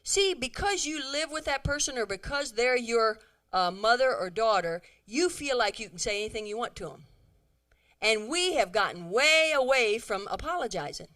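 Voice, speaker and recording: Middle-aged woman speaker, lively church talk, brightish higher voice, acts out little scenes. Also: moderate pace. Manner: animated, acts out quoted dialogue, chatty asides. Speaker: women's conference speaker. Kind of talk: humorous talk to a church audience.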